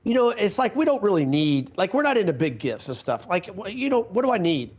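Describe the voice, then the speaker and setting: A man's voice: high voice, very animated, a little fast, darkish tone, slightly rough. A middle-aged man co-hosting a casual podcast, rambling through stories with self-mocking asides. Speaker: podcast co-host.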